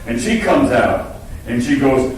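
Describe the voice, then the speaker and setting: A man leading an acting workshop in front of an audience, talking in an animated way, laughing and swearing freely. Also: mid-range voice, measured pace. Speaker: acting teacher. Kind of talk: workshop talk to a live audience. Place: large hall with audience. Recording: echoey hall, far mic, audience noise.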